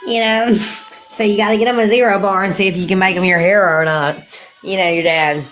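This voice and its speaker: A woman's voice: mid-range voice, fairly even intonation, brisk, fairly bright tone, soft background music, rough recording. A woman rambling casually to her viewers on a live stream, laughing often. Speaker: livestreamer.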